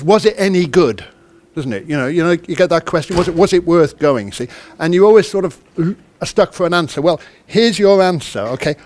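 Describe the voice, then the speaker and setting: A man's voice: high-pitched, a little mellow. A man from the United Kingdom giving an interactive conference talk. He is chatty and self-deprecating, and he keeps quizzing the audience. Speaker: conference speaker. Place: conference hall.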